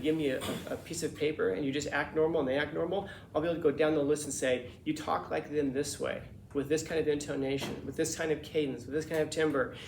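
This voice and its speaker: A man's voice: a little high, roomy sound, slight background noise. A male teacher lecturing his class in a conversational, emphatic way, acting out the voices of people he quotes. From Los Angeles.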